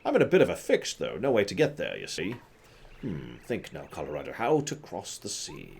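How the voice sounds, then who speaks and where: A man's voice: low-pitched, wildly swooping pitch, fairly quick, creaky, a little mellow, slight background noise, exaggerated voice. A man putting on a pompous faux-British explorer. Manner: theatrical, hammy. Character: pompous male adventurer, grandiose and fussy.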